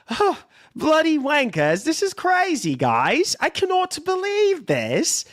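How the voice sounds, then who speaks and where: A man putting on a fake British accent, playing a smug gloating British lad while reading news aloud in a drawn-out, theatrical way. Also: very high voice, wildly swooping pitch, a bit bright, no echo, clean studio sound, full character voice. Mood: mock gloating. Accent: put-on British. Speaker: streamer.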